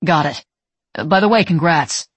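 A woman's voice: low voice, normal speed, breathy edge, dry recording. A woman voicing a friendly, teasing male military trainee in an audiobook, with an easygoing, joking manner.

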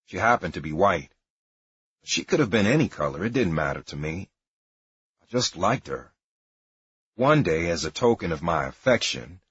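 A man's voice: low voice, fairly bright tone, husky, no room sound. A man narrating a memoir in a wry, matter-of-fact storytelling manner. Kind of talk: memoir audiobook reading. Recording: dry, dull lo-fi recording.

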